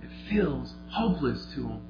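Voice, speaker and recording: A man preaching a sermon, retelling a story vividly, moving between quiet and emphatic delivery. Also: mid-range voice, big pitch swings, normal speed. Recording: echoey, slightly dull, faint music.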